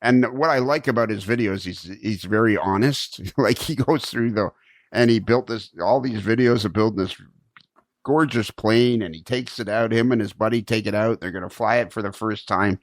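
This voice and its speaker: A man's voice: on the low side, normal speed, no echo. A man hosting a podcast in casual conversation, rambling a little and chuckling as he tells stories. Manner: rambling, searching for words, chuckles while telling stories. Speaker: podcast host.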